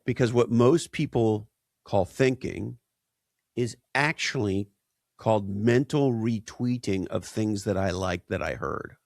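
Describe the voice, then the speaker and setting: A man's voice: lowish voice, slow, creaky, no room sound, clean studio sound. Emphatic man full of rhetorical questions. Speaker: guest. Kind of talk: conversational interview.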